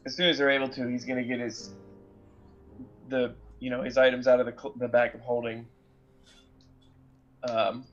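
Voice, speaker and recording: A man's voice: mid-range voice, a bit bright, lo-fi sound. A man playing a tabletop game, hesitantly and thoughtfully explaining what his character will do. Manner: hesitant, thoughtful, many fillers. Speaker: player. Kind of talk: describing his character's choices.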